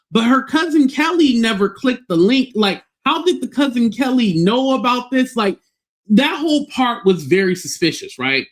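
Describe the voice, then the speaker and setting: A man casually retelling an online drama as a commentary host, animated and often acting out the voices of the people he quotes. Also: high-pitched.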